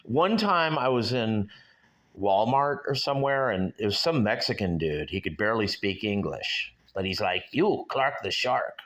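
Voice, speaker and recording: Addressing his viewers directly, this show host in his sixties muses casually and wanders through his thoughts in a solo vlog. He speaks at a moderate pace with lively intonation, and his lowish voice has a fairly bright tone.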